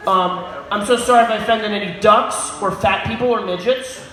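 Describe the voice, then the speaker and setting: A man doing a crude, crowd-baiting stand-up set on a pub stage, often shouting at the audience. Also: high-pitched, unhurried. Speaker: stand-up comedian. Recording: echoey room with crowd noise.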